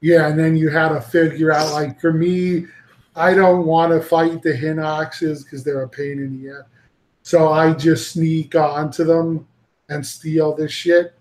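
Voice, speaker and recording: A man hosts a loose panel chat in a slightly high voice, rambling and cursing freely. His voice bounces around an echoey room. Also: flat delivery, unhurried. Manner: rambling and profane, laughing easily. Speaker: podcast host.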